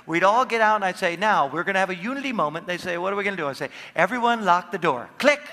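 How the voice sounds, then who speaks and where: A man giving a motivational seminar talk, animated and playful, acting out quotes in his stories. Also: high voice, fast, long reverb tail, a little hiss or hum. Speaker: seminar speaker. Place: large hall with audience.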